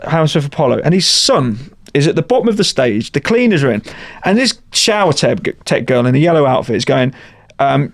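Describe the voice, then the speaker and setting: A man with a fairly high voice tells lively stories as a podcast guest, laughing often and slipping into other people's lines. His voice sounds close and dry, with little room around it. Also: fairly quick, few pauses, dry recording. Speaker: guest session musician. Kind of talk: casual podcast chat, storytelling.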